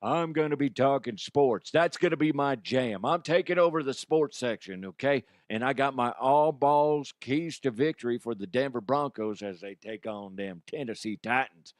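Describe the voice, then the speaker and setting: A man's voice: medium pitch, normal speed, hardly any pauses, no room sound, studio quality, lightly acted. A man voicing a brash cowboy sports pundit who talks in cocky, crude slang. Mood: boastful.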